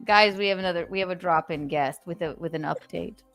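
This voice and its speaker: A woman's voice: on the low side, brisk, few pauses, fairly bright tone, faint music behind. A woman hosting a casual live chat, teasing and doing jokey bits. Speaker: host.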